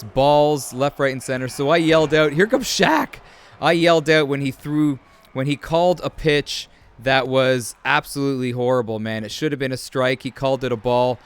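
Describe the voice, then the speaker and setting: A man from Canada, commentating a video game match and telling chatty stories. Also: medium pitch. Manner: chatty, storytelling, animated shouts. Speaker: host.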